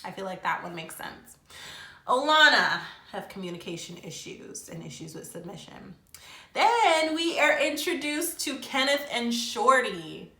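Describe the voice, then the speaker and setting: Young woman, casual reviewer, bright tone, Black lilt, echoey room sound. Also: a little high. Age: young adult. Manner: chatty, animated, quotes people in mock voices. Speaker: reality show reviewer. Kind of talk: casual commentary.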